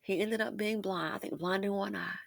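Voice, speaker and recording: A woman talking straight to her viewers in an impassioned commentary style. She punches some words loudly and drops others to near-whispers. Her voice sits in a middle pitch and is recorded close and dry, with no room sound. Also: steady tone, fairly quick, creaky, dry recording. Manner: impassioned, swings between loud emphasis and hushed asides. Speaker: commentary channel host. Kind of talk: emphatic social commentary.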